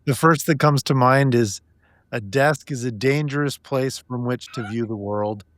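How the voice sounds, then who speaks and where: A man's voice: medium pitch, unhurried, fairly bright tone, no room sound, clean studio sound. A man hosting a leadership podcast, reflecting on his guest's story and drawing out the key lessons in a conversational interview. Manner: reflective, summarizing the guest's points. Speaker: podcast host.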